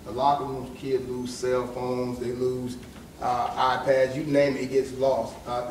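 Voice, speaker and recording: A man's voice: mid-range voice, slight background noise. A man in his forties giving a conversational motivational lecture to young men and asking the audience direct questions. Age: 40s. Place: lecture hall. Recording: echoey hall recorded from far off.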